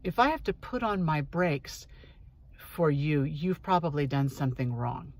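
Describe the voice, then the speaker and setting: A woman's voice: low voice, lively intonation, measured pace, darkish tone. Earnest woman reflecting from her car. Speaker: host. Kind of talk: candid personal monologue. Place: parked car in a parking lot.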